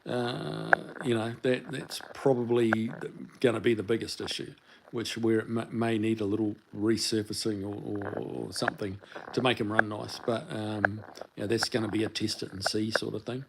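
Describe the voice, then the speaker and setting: A man's voice: fairly low pitch, little pitch movement, normal speed, vocal fry, noisy background. A man with a New Zealand accent hosting a casual livestream, answering viewer chat in a rambling, easygoing way with lots of fillers and restarts.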